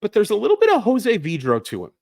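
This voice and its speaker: Lively-voiced man breaking down a draft. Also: sits high, fast, creaky, no room sound, clean studio sound. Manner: animated, self-correcting, conversational. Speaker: baseball analyst. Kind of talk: solo sports analysis.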